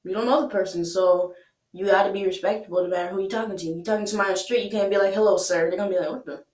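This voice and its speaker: A woman's voice: mid-range voice, fairly even intonation, rapid-fire, a little mellow. Chatty young woman reacting in an echoey room. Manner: chatty, laughs often, rhetorical questions. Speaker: reaction video host. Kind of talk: casual reaction commentary.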